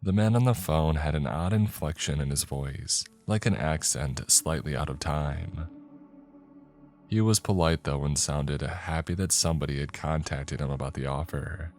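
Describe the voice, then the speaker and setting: A man reading a first-person horror story in a measured, scripted narration. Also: very deep voice, a little mellow. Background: faint background music.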